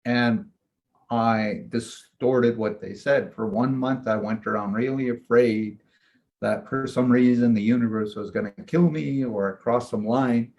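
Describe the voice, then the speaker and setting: A man, a shaman and mentor, casually telling a long personal story in a rambling, animated way, often acting out what he said. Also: mid-range voice, a little slow. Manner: rambling, animated retelling with frequent "I'm like".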